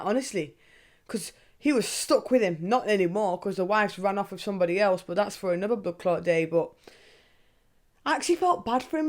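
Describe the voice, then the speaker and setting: A young woman hosting a podcast, talking casually and candidly, swearing freely and asking herself questions out loud. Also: mid-range voice. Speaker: podcast host. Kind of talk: casual monologue.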